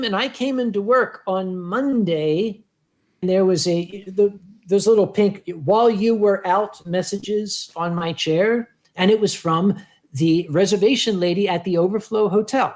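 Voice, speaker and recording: A man, a convention organizer, telling an anecdote on a panel and acting out the quotes with lively voices. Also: high-pitched, measured pace. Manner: lively storyteller who acts out the quotes.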